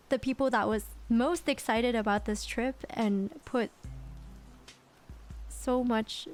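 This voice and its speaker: Woman, fairly high voice, animated storytime, dramatic and swearing, faint music behind. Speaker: streamer. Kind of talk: casual storytime.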